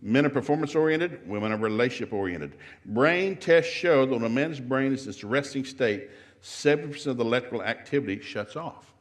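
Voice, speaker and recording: A middle-aged man with a Southern US accent, giving a humorous marriage seminar in a church and acting out the voices in his stories. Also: medium pitch. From American South. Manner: fast-talking storyteller acting out quotes. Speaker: seminar speaker. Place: church hall.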